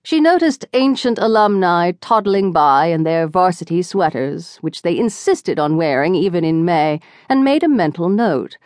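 With a fairly low voice, a woman narrates a novel expressively as scripted audiobook reading. The recording is dry and the studio sound clean.

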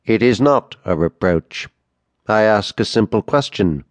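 A man's voice: fairly low pitch, animated, no echo. A man reading as a cold, scheming duke. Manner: slow, deliberate, each word weighed. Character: scheming haughty male duke, cold and ironic.

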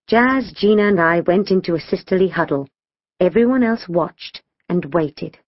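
Female narrator, children's book read in first person, very animated delivery, dry and slightly muffled recording. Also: lowish voice, moderate pace, no echo. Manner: lively storytelling, voicing schoolgirl dialogue. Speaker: audiobook narrator.

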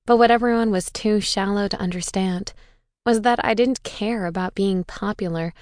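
A woman's voice: mid-range voice, moderate pace, a little mellow, dry recording, studio quality. A woman reading a first-person audiobook with an intense, bitter, dramatic delivery. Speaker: audiobook narrator.

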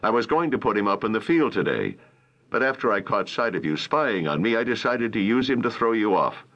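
A man voicing a suspicious, rough-voiced rancher who snaps and growls his lines, on a muffled lo-fi recording. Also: fairly low pitch, big pitch swings, a little fast, fairly bright tone, pitched above the performer's own voice, exaggerated voice. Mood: gruff. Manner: snapping, sarcastic.

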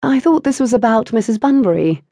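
A woman voicing a bookish, level-headed woman in her twenties who reasons calmly with her mother. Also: fairly high pitch, brisk, dry recording, clean studio sound, voice pushed up. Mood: firm. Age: 20s.

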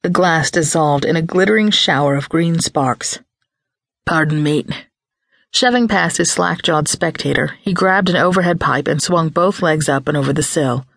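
A woman narrating a paranormal romance audiobook in a lively, expressive scripted read. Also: sits low, normal speed, creaky, few pauses, dry recording, studio quality.

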